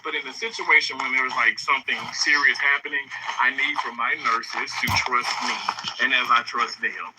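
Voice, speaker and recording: A man's voice: medium pitch, fairly even intonation, moderate pace. A man, a surgical technologist, speaking candidly and emphatically in a workplace meeting, often repeating and restarting as he finds his words. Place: meeting room at a hospital. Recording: noisy recorded meeting audio.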